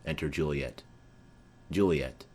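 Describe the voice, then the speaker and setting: A man's voice: rumbling low, slow pace, darkish tone. A man reading a play aloud as an audiobook, announcing the speakers and stage directions. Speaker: audiobook reader.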